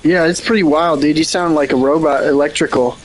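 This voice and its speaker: A man's voice: fairly high pitch, fairly even intonation, a little fast, crowd noise, rough recording. A young man chatting casually on an online voice chat, laid-back and swearing freely. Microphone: online voice chat mic.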